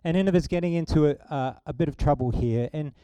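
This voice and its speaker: A middle-aged man preaching a sermon, telling a story in an animated, humorous way. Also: on the high side, quick pace, clear, resonant tone, no room sound.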